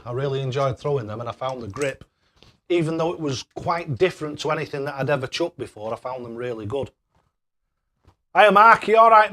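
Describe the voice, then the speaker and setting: A man's voice: a little high, fairly bright tone. A man hosting a casual live stream, chatting away and thanking viewers by name with matey banter. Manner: matey banter, calls people mate.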